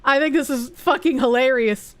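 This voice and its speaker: A woman with a high voice who rambles through a casual stream, cursing freely and laughing often. She trips over her words and restarts mid-thought. Her voice is dry and close to the microphone. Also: normal speed, fairly bright tone, no echo. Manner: crude, heavily profane, laughs often; rambling and self-interrupting. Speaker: VTuber streamer. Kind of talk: casual reaction stream chat.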